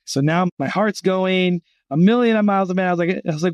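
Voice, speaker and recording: A middle-aged man speaks as a guest on a podcast, his voice sitting slightly high for a man. He tells his stories with energy and acts out the voices of the people in them. The sound is dry and close, with little room around it. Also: brisk, few pauses, no room sound. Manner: animated storyteller acting out quoted voices. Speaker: guest speaking for a Christian gap year college. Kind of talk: storytelling in a podcast interview.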